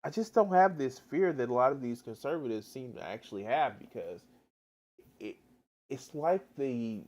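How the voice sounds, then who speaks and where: A man's voice: mid-range voice, animated, normal speed, darkish tone. Guy streaming live and reacting, swears a ton, voice jumps all over, keeps restarting sentences. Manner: exasperated, swears heavily, rambling restarts. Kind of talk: profane reaction commentary.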